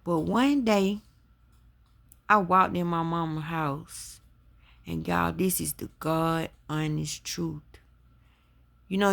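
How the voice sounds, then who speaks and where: A woman's voice: sits low, vocal fry. A woman telling a personal story to her listeners and turning it into an emphatic spiritual lesson. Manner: emphatic, addresses listeners as y'all. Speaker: spiritual talk host. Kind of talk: personal testimony with preaching.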